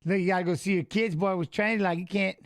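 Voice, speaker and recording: A man's voice: high-pitched, fairly even intonation, quick pace. A man giving casual, rambling commentary on a live fight watch-along, chatting with viewers as he watches. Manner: rambling, talks to chat viewers, emotional.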